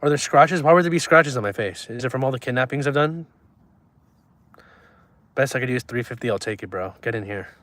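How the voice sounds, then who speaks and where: Young male streamer with a mid-pitched voice, deadpan and trolling, chatting casually with viewers from a car. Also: brisk, long pauses. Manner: reads chat aloud and answers in a deadpan, trolling way. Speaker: livestreamer. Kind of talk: casual livestream chat.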